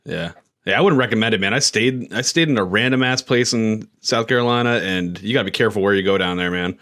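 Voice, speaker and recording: A man's voice: fairly low pitch, fast, a bit bright. A man hosting a podcast in casual chat who laughs often and keeps calling people dude and man. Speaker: podcast host.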